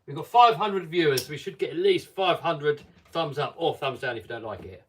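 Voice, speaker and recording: A man's voice: a little high, animated, moderate pace, recorded from a distance, slight background noise. Chatty man hosting a live stream. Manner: chatty, reads viewer comments aloud. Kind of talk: casual live stream chat.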